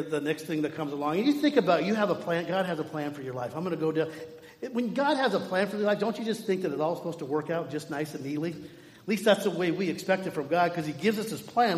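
A man with a high voice preaches in a loose, conversational way, slipping into little acted-out quotes as he goes. The sound rings around a big echoing hall with a long tail on every word. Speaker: pastor. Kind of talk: sermon.

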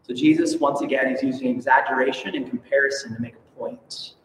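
A male pastor from Alaska preaching a sermon with an animated, playful manner and sarcastic asides. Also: medium pitch, fairly quick, slight background noise. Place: church sanctuary. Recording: echoey hall, from far off.

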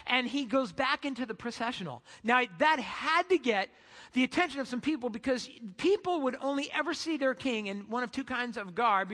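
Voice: medium pitch, a bit bright, long reverb tail. A preacher giving a sermon in a casual, storytelling way.

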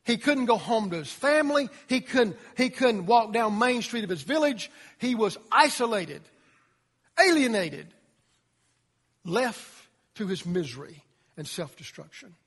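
High, husky-voiced male preacher. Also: lively intonation, measured pace, big-room sound. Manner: storytelling, dramatic, drops to quiet emphasis. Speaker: pastor. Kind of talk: sermon.

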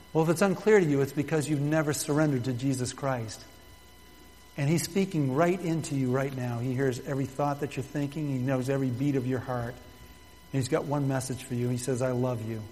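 A man pastor leading a fervent closing prayer in a church, pleading, his voice swelling loud and dropping soft. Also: mid-range voice, long reverb tail. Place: church building.

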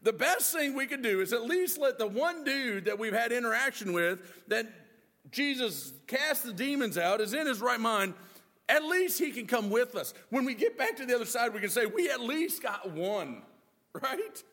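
Animated preacher man in a reverberant hall. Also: extremely high pitch, normal speed. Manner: acts out disciples' voices, joking asides. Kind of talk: animated sermon.

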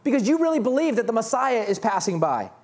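A man preaching a sermon from the pulpit, his delivery lively and full of swings in pitch. He moves between reading scripture and acting out the beggar's loud, pleading cries. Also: fast. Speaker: pastor.

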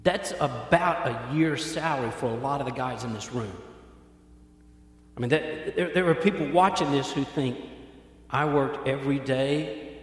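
A man's voice: medium pitch, moderate pace. A man preaching a sermon in a casual, joking way, acting out little voices as he retells the story. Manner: conversational and joking, acts out voices. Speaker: pastor. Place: church hall with congregation. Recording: echoey hall.

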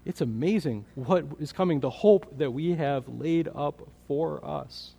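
A man preaching a sermon as pastor, earnest, building in energy and then dropping to a quiet, prayerful tone. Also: fairly high pitch, a little slow, creaky, slightly rough. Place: church sanctuary. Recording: long hall reverb.

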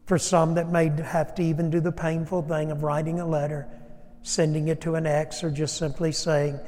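A man's voice: fairly high pitch, little pitch movement, normal speed, darkish tone, in a large hall. A man who is a pastor, preaching a sermon and leading an altar call, speaking earnestly and addressing his congregation directly. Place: church sanctuary.

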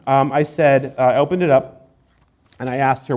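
A man's voice: medium pitch, steady tone, normal speed, darkish tone. A man giving a sermon in church, conversational and joking, with many fillers. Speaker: pastor.

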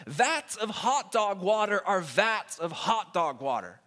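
A man with a notably high voice delivers a sermon at an unhurried pace. He leans on dramatic pauses and stretched-out words, and he mixes earnest preaching with playful asides. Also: very animated, pushed and bright. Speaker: pastor.

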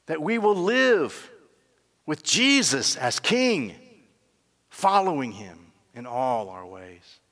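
A man's voice: on the high side, sing-song, takes it slowly, fairly bright tone, long reverb tail. A male pastor preaching a sermon, telling a story with emphatic peaks and closing in prayer.

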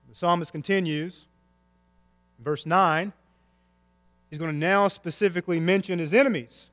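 A man preaching a sermon as pastor, swinging between soft, low lines and loud, raised cries. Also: moderate pace, long pauses, big-room sound. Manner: impassioned preaching with big swings in pitch and loudness.

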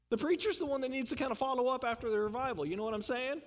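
Male pastor, conversational sermon, fairly high voice, long reverb of a big hall. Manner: conversational, asks the congregation questions, chuckles.

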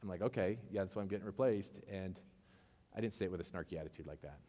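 A man preaching a casual sermon as pastor, telling personal stories and acting out both sides of conversations with lively ups and downs. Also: sits low, fast, long reverb tail. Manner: animated storytelling, acts out both sides of conversations.

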